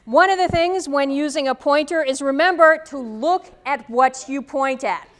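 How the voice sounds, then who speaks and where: A woman's voice: sits high, moderate pace. A woman lecturer giving a university talk, telling stories and checking in with a frequent "okay?". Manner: lively anecdotal storytelling with frequent "okay?". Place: lecture hall. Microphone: tethered microphone.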